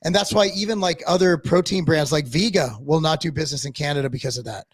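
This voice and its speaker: On a dry recording, a man with a fairly high, husky voice co-hosts a casual live-stream talk show. He rants bluntly and profanely, rambling rapidly and restarting his sentences often.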